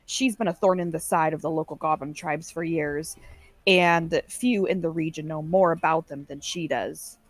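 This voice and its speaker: A woman voicing a steady, formal male town sheriff giving a briefing. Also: deep voice, normal speed, dry recording.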